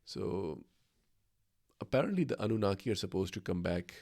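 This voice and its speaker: A man with a low, gravelly, dark voice chatting casually on a podcast. He rambles eagerly from one idea to the next, full of fillers and false starts. The sound is dry and close. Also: big pitch swings, normal speed, no echo. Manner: rambling, enthusiastic, with fillers and restarts. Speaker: podcast co-host. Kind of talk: casual conversation.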